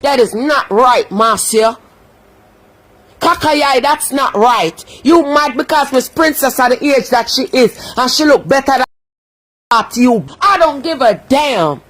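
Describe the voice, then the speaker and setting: A woman's voice: sits high, animated, a little slow, a bit bright. An angry woman ranting on a livestream, cursing and scolding, sometimes breaking into prayer. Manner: heated, cursing, scolding, prays aloud. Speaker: social media commentator.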